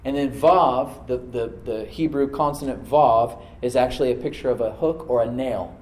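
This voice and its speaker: Before a live congregation, a pastor with a mid-range voice preaches at a moderate pace, dropping to a soft tone after scripture readings to underline his points and asking the room to call out responses. The sermon is heard through a rough recording full of reverb.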